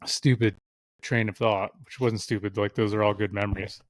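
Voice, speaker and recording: A man's voice: on the low side, level tone, moderate pace, no room sound. A young man, a podcast guest, telling a long casual story, rambling and swearing often and acting out what others said. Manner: rambling, heavy swearing, acts out quoted voices.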